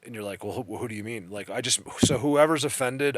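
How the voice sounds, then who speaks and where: A man's voice: medium pitch, a little fast, background noise. A man adding a casual, apologetic, rambling voice-over aside to his vlog. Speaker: vlogger adding commentary.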